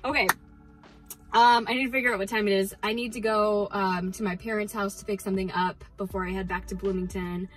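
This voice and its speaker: A young adult woman, a teacher, chatting excitedly to camera in a casual vlog, full of fillers and quick restarts. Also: medium pitch, faint music behind, poor audio. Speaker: teacher vlogger.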